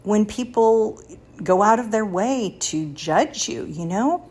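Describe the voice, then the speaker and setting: Husky woman in her sixties, slow and confiding. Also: mid-range voice, animated. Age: 60s. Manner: warm, confiding, laughs between thoughts. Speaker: podcast host. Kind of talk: personal faith talk.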